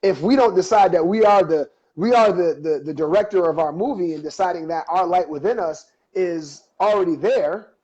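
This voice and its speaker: A man's voice: high-pitched, moderate pace, few pauses, a little mellow, dull audio. A man hosting a live-stream talk, coaching viewers with earnest rhetorical questions. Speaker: host.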